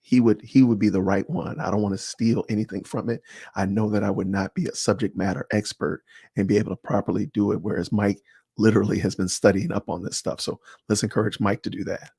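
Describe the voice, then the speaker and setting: A man hosting a livestream, chatting casually and answering viewers by name in an animated, slangy way. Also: on the low side, fairly quick, gravelly, slightly rough, no echo, studio quality. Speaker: livestream host. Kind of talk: casual livestream chat reading comments.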